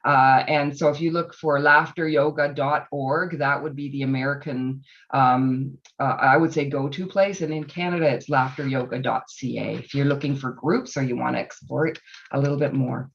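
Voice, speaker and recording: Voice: mid-range voice, fairly even intonation, normal speed, creaky, fairly bright tone. Laughter yoga teacher on a video call, upbeat, coaching folks along, sounds muffled and a bit far off. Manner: encouraging, instructive, laughs easily. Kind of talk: guided group exercise on a video call.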